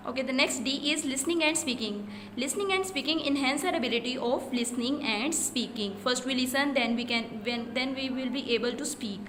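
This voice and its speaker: A high-pitched woman with a Pakistani English accent works through a school English lesson. She reads each example sentence slowly and carefully, then slips into Hindi-Urdu to explain it. Her voice rings out in a roomy, echoey space with a faint hiss underneath. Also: a bit bright. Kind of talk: recorded classroom lesson explaining exercises. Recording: echoey room, faint noise.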